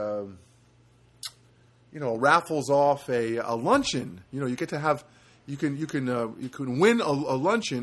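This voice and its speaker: A man's voice: a little high, a bit bright. A middle-aged man hosting a solo podcast, rambling and self-deprecating, with many fillers and restarts. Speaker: podcast host.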